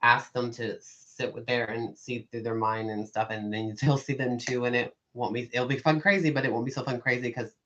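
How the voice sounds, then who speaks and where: A man hosting a casual chat as a psychic medium, telling rambling, animated stories full of fillers and swearing. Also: mid-range voice, moderate pace, few pauses, dull audio.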